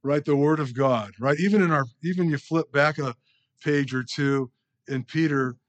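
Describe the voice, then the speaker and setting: A man's voice: on the high side, moderate pace. A man preaching a conversational sermon as a pastor, rambling a bit, with many fillers and restarts.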